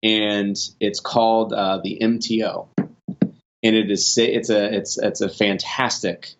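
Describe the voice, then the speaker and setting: On a podcast, a man with a voice on the low side recounts business stories at a measured pace, rambling and restarting with plenty of fillers. He grows animated as he tells them, over a muffled recording with background noise.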